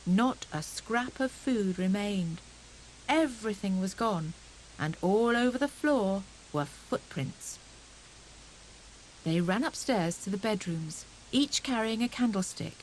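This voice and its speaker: A woman narrating a children's storybook audiobook in a gentle, expressive storytelling manner. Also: medium pitch, slow, slight background noise, rough recording.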